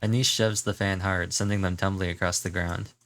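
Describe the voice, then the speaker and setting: A man's voice: sits low, steady tone, brisk, fairly bright tone. A man streaming his reaction to a game, musing casually and reading the story text aloud.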